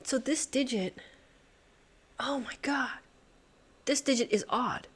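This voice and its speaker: A woman hosting a sudoku video who thinks aloud as she solves. She is excitable and swears and laughs in disbelief as she talks to herself and her viewers. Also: sits high, takes it slowly, slightly rough. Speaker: host solving a sudoku puzzle. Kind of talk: thinking aloud while solving a puzzle.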